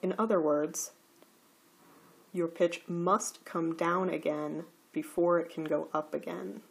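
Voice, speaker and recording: A woman teaching a recorded slide lecture, explaining grammar rules slowly and carefully. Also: lowish voice, steady tone, vocal fry, slightly rough.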